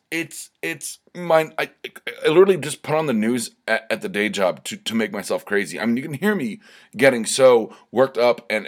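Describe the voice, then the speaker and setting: A young man hosting his own podcast alone, rambling and swearing, tipsy and stammering as he gets worked up. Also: mid-range voice. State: slightly tipsy from drinking shots. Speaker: podcast host. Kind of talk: casual solo podcast monologue.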